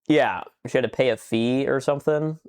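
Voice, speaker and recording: A young man co-hosting a podcast, telling a rambling story in casual chat, swearing a lot and getting animated as he retells it. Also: mid-range voice, normal speed, smooth. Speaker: podcast co-host.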